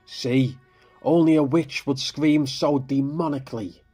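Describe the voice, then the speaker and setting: A man acting out a zealous village preacher who spits commands at a mob. His delivery is harsh and unhurried. Faint music runs underneath. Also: a little high, steady tone, mellow, breathy edge, voice pushed up.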